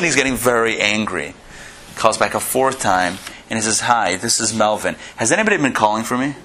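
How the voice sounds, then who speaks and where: A rabbi teaching a live class, talking in a loose conversational way with restarts and the odd joke. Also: male voice, medium pitch, bright, forceful tone, a little hiss or hum. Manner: conversational, repeats and restarts, tells jokes.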